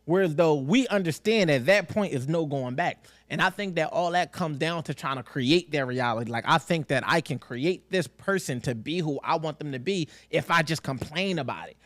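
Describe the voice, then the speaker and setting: A young man talks through a casual podcast in loose, slangy speech. He keeps acting out the people he quotes, and his voice sits fairly high. The sound is close and dry, with no room echo. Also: normal speed, hardly any pauses. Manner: animated, slangy, acts out quotes. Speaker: podcast host.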